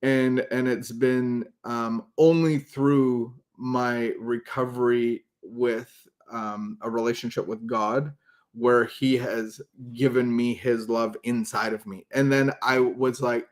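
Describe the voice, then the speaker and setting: A man's voice: mid-range voice, fairly even intonation. A man co-hosting a recovery podcast, talking earnestly in a casual chat with many false starts. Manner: earnest, halting, many restarts. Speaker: podcast co-host.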